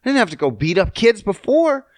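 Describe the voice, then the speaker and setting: A man in his thirties hosting a podcast, ranting casually and cursing as he swings between loud outbursts and low mutters. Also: sing-song, fairly quick, no room sound, clean studio sound. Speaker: podcast host.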